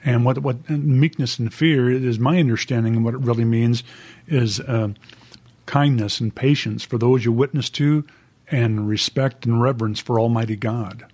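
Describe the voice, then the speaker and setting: A man hosting a casual podcast interview, asking questions and reading verses aloud slowly. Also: medium pitch, fairly even intonation, darkish tone. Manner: asks questions, reads scripture aloud slowly. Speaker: podcast host.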